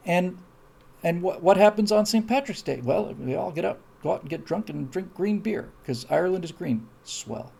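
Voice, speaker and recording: A man's voice: high-pitched, animated, moderate pace, gravelly, dark tone, breathy edge. A man hosting a live stream, reading out viewer comments in a casual, wry, digressive chat that often breaks off and restarts. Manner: wry, digressive, self-interrupting.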